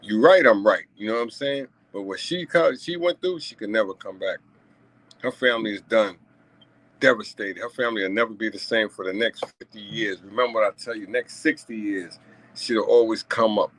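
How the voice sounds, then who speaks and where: Man with a lowish voice, casual vlog commentator, emphatic, repeats himself, chuckles between points. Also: moderate pace, a bit bright, dry recording, poor audio. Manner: emphatic and repetitive, frequent "you know what I'm saying" asides. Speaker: vlogger commenting on a news story.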